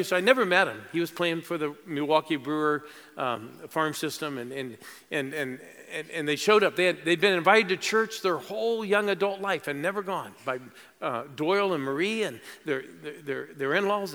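A middle-aged male pastor preaches in a large church auditorium, telling stories emotionally and building to rising exclamations. His voice is on the high side with a sharp tone, and the reverberant hall carries a crowd behind him.

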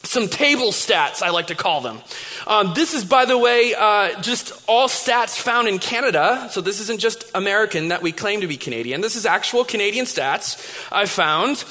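A man's voice: sits high, expressive, moderate pace, pushed and bright. A man in his thirties, a pastor giving a sermon, telling stories in a conversational way with many restarts. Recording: long reverb of a large hall.

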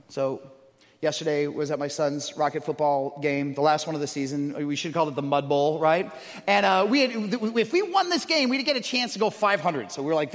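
A man preaching a sermon as pastor, animated, moving from loud storytelling to hushed emphasis. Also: high voice, in a large hall.

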